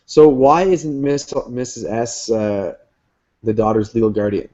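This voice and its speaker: A man's voice: medium pitch, a little slow, dark tone. A man co-hosting a podcast, chatting casually and speculating with a joking tone. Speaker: podcast co-host. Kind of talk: casual recap chat. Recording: dull lo-fi sound.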